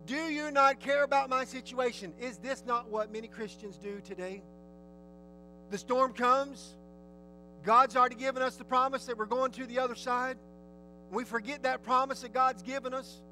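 Bright, high-voiced preacher. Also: male voice, normal speed, faint music behind, low-quality recording. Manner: lively, storytelling, asks the audience questions. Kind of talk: sermon.

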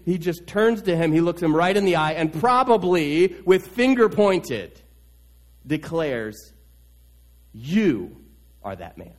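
A male pastor preaching a sermon, retelling a scripture story animatedly and repeating his key points. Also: high-pitched.

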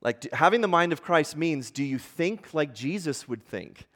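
A man preaching a sermon, explaining scripture with animated emphasis that climbs to loud peaks. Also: fairly high pitch, moderate pace, long reverb tail. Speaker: pastor.

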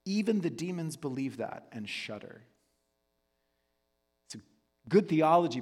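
A man's voice: medium pitch, breathy edge. A man giving a casual, conversational sermon as pastor, often checking in with listeners by asking whether they follow. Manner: conversational, asks the room "right?" often. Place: church hall. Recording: long reverb of a large hall.

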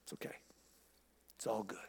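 A man's voice: moderate pace, darkish tone, in a whisper, long reverb tail, natural voice. A man voicing a guilty king who brushes things off in an offhand, casual way. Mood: dismissive. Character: guilty king, breezy and dismissive.

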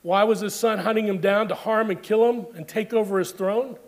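A man with a high voice delivers a sermon. He speaks earnestly and with emphasis, and he builds each point by repeating phrases. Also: fairly even intonation, a little fast. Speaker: pastor.

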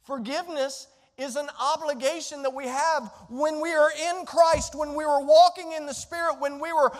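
A man preaching a sermon as pastor, swinging between soft asides and loud emphatic lines, sometimes acting out the inner complaints of his listeners. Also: very high-pitched, fairly even intonation, normal speed, in a large hall. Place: church sanctuary.

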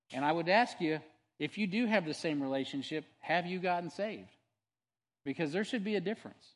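Earnest male pastor in a reverberant hall. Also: on the high side. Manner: conversational storytelling with frequent restarts and asides; earnest and animated when testifying. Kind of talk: sermon.

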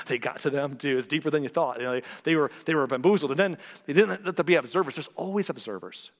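A pastor with a fairly high voice talks fast as he preaches in a church, the sermon ringing through a large hall's long reverb. He stays conversational and animated, slipping in joking asides and little impressions of other people.

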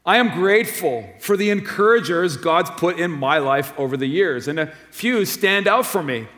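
Male pastor with a high voice, friendly and conversational from the pulpit, long church reverb. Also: animated, normal speed, a bit bright. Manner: friendly, conversational preaching with personal stories. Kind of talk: sermon. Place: church sanctuary.

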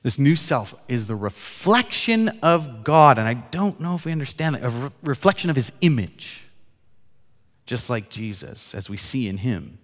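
A man in his forties preaching a sermon as pastor, telling stories with laughs and swinging from loud to soft. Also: mid-range voice, big pitch swings, normal speed. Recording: long hall reverb.

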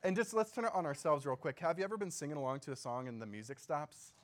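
A pastor gives a relaxed, conversational sermon. His man's voice sits a touch higher than most, and he keeps checking in with the room through quick questions and easy laughs. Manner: laughs easily and jokes. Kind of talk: casual sermon teaching.

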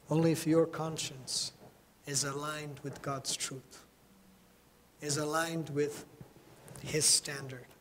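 A male pastor delivering an impassioned sermon, with a voice pitched a little above most men's. He drops to soft, low phrases, then lifts to raised lines and repeats words for emphasis.

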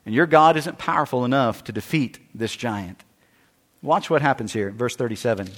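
A pastor delivers a dramatic sermon, voicing Bible figures and anxious churchgoers in turn. His voice is medium in pitch and a touch bright, at a moderate pace, with a long hall reverb on the recording.

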